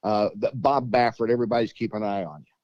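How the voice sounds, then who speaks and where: A man with a warm, relaxed voice hosts a casual interview. He asks chatty, rambling questions and sometimes stammers at the start. The recording is dry and dull. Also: on the low side, fast, dry recording. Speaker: show host. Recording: dull lo-fi audio.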